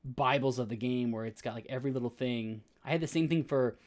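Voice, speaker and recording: A man's voice: mid-range voice, quick pace. A man in his thirties, a podcast co-host, telling a long story in casual chat with many filler words and restarts. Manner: rambling storytelling with frequent "like" fillers.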